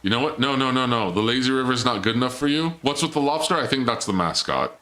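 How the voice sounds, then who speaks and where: A man's voice: medium pitch, animated, fast talker, sharp tone. A male streamer giving live gameplay commentary, teasing and taunting in a playful, theatrical mock-villain way.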